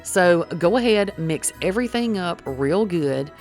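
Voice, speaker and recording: A middle-aged woman with a low voice talks viewers through a recipe in a chatty, folksy way, calling them y'all. Faint music plays quietly behind her. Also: expressive, unhurried. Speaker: cooking vlogger. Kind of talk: casual cooking demonstration.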